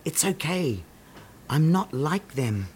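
A man's voice: a little high, big pitch swings, takes it slowly, darkish tone, a little hiss or hum, voice pushed up. A man doing a timid little sailor. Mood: gentle. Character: small young male sailor, kind and timid. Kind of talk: storybook voice acting.

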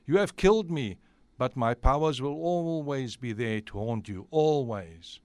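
A man's voice: medium pitch, animated, a little slow, a little mellow, dry recording, lightly acted. A man voicing a cruel, scheming female witch in a storybook tale, speaking with contempt. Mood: vengeful. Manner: sneering and contemptuous. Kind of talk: storybook voice acting.

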